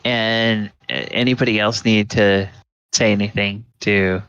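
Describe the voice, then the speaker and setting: A man with a low, deep voice runs a tabletop game at an unhurried pace, stopping often for fillers as he narrates. The sound is dull and muffled, with no room echo. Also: steady tone, a bit bright, clean tone. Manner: halting, many fillers. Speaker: game master.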